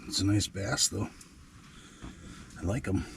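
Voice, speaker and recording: A man narrating a fishing vlog from an ice fishing shelter. He murmurs softly to the fish and breaks into excited exclamations. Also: sits low, measured pace, creaky, noisy background. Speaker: fishing vlogger.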